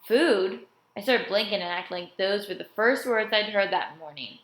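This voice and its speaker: A woman's voice: mid-range voice, brisk, fairly bright tone. A woman reading a novel aloud, telling the story in the first-person voice of a boy. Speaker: audiobook reader. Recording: roomy echo.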